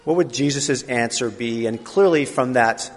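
A male pastor preaching a sermon in a relaxed, conversational way, with pauses and fillers. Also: medium pitch. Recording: long reverb of a large hall.

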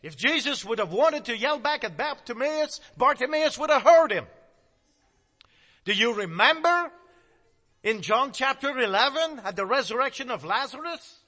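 High-voiced preacher in an echoing hall. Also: male voice, animated, normal speed. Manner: dramatic, swings from loud to hushed. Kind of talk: sermon. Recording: long hall reverb.

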